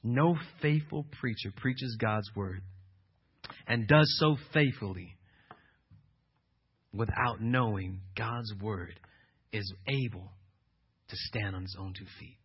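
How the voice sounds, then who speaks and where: A man preaching a sermon as pastor, swinging from loud emphatic declarations to low, intense asides. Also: takes it slowly, long pauses, breathy edge. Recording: muffled lo-fi sermon recording.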